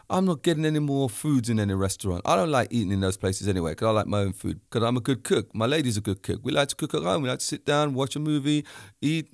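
A man's voice: medium pitch, dry recording. Uk guy ranting about his day, acts out the back and forth, dry close sound. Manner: animated storytelling, acts out both sides of dialogue. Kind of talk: ranting monologue.

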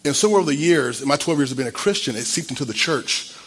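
A man's voice: a little high, expressive, rapid-fire, breathy edge. A man in his fifties, a church pastor, gives an earnest and emotional sermon, stumbling and restarting as he tells his own story.

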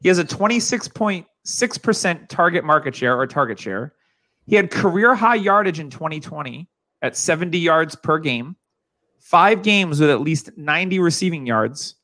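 A man's voice: a little high, animated, normal speed, sharp tone. A man hosting a casual podcast, running a sports quiz segment in an upbeat, quizmaster-like way.

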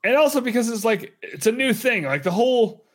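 A man with a high voice that rises and falls a lot chats on a podcast. He drops short, playful asides in a dry, deadpan way. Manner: playful, quick deadpan quips. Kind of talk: casual chat.

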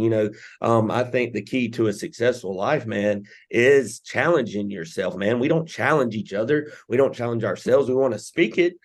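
Low-voiced man musing on self-growth. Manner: reflective, frequent "man" and "you know". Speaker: podcast co-host. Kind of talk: casual motivational chat.

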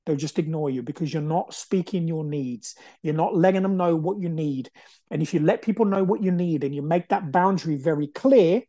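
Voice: mid-range voice, fairly quick, mellow, no echo. A podcast host in their forties, talking through a personal story in an emphatic, determined way and repeating phrases for stress. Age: 40s.

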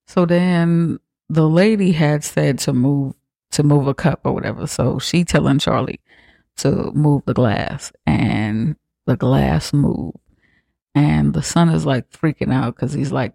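A man's voice: on the high side, a little slow, vocal fry, a little mellow, no echo, clean studio sound. A man hosting a comedy podcast, retelling a horror film in a slangy, profane, laughing way. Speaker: podcast host. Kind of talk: comedic movie recap.

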